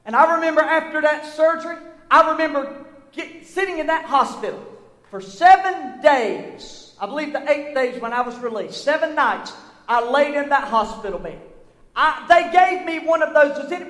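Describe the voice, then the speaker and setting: A middle-aged man, preaching a sermon in a church, building from storytelling to fervent shouts. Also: very high-pitched. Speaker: pastor. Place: church sanctuary. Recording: echoey church hall.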